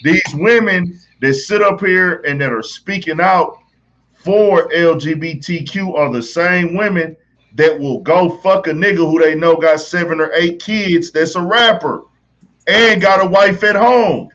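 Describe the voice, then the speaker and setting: Man, podcast panelist, blunt and crude, insistent, slightly raised pitch, dull lo-fi sound. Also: unhurried, fairly bright tone. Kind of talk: casual podcast debate.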